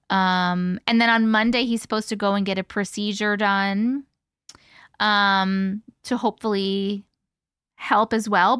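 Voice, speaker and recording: A woman hosts a relaxed live stream, chatting with viewers and greeting them by name between giggles. Her voice sits a little high and sounds close and dry on the mic. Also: no echo. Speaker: livestream host. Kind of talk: casual live chat reading comments.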